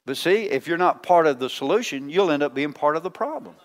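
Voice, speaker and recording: A male pastor preaching a folksy, teasing sermon, swinging between loud calls and hushed asides. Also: fairly high pitch, expressive, brisk, big-room sound.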